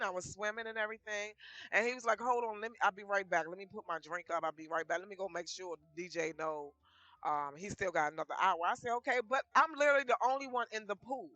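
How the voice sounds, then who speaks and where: A woman's voice: medium pitch, fairly quick, no room sound. A woman casually telling her life story, acting out quoted back-and-forth dialogue as she goes. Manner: lively retelling full of quoted dialogue.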